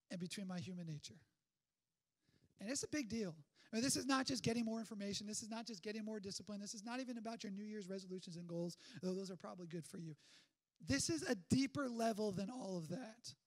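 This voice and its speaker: A man with a very high voice preaches to his church. He talks in a conversational, energetic way, firing off rhetorical questions and often restarting his sentences. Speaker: pastor. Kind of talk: sermon.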